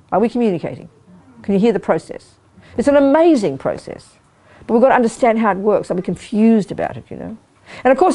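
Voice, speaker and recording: Emphatic woman teaching with dark, mellow voice. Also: medium pitch. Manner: emphatic, repeats words for stress, checks in with listeners. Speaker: Buddhist teacher. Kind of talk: dharma teaching to a live group. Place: meditation hall of a study group.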